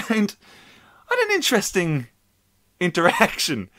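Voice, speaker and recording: A man co-hosting a casual podcast, telling a story in an animated way and swearing freely. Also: high-pitched, a little slow. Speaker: podcast co-host.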